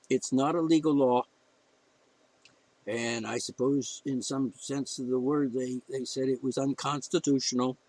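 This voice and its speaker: A man's voice: medium pitch, darkish tone, slightly rough, no room sound, rough recording. A man ranting in a blunt, heated opinion monologue as a podcast host, cursing freely and getting emotional.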